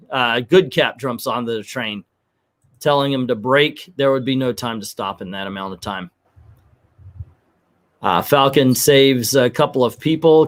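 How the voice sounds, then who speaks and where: A man reviewing a comic book on a live show, talking in a rambling, animated way that breaks into rants. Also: medium pitch.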